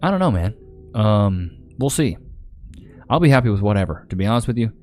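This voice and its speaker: A man's voice: lowish voice, very animated, a little fast, a little mellow. A man hosting a casual live stream, chatting loosely in slang and reading out names from the chat into a desk mic. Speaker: livestream host. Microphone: desk microphone.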